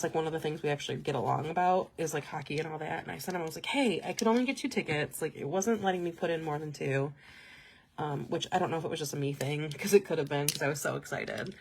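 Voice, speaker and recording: A woman's voice: deep voice, gravelly, slight background noise. Chatty young woman telling a story. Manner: chatty, animated storytelling with frequent laughs. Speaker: host. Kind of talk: casual chat on a livestream.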